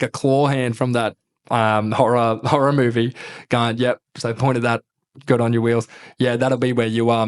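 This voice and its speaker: Australian guy in his thirties, ex-officer guest, lively yarn-spinner, salty language, laughs through his stories. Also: medium pitch. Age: 30s. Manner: animated, laughing, swears a lot, acts out quotes. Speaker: podcast guest, former army captain. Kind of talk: casual storytelling interview.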